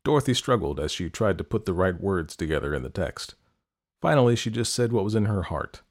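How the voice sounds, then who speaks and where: A man hosting a podcast, reading stories aloud in calm, measured scripted narration. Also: low-pitched. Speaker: podcast host and story narrator.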